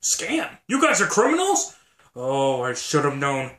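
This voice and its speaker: A man's voice: medium pitch, lively intonation, takes it slowly. A man voicing a brave, curious dinosaur in a homemade toy adventure, jumpy and talking to himself. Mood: indignant. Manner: jumpy, talks to himself, shouts when startled.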